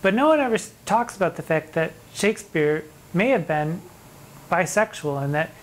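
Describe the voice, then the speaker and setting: A middle-aged drag performer giving a theatrical, mock-indignant commentary on sonnets, reading the verse slowly between asides. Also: mid-range voice, animated, low-quality recording. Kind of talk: animated poetry commentary.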